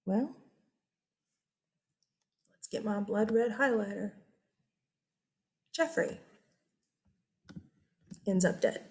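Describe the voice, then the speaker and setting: A woman's voice: medium pitch, extremely slow, vocal fry, pauses often, a little mellow. A woman history teacher giving a casual, chatty lecture, correcting herself and asking her students questions.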